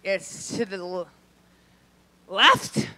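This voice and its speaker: A woman voicing a matter-of-fact male motel desk clerk, with slow, deliberate directions in a low drawl in a stand-up bit. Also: expressive, sharp tone, no room sound, heavily acted. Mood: helpful.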